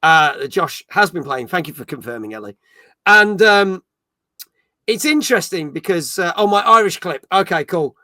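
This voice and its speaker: A man's voice: sits high, lively intonation, moderate pace, bright, forceful tone, no room sound, clean studio sound. A middle-aged man hosting a casual gaming stream, chatting and reading out viewer comments. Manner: chatty, reads chat comments aloud, jokey. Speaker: podcast host. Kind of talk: casual live-stream chat.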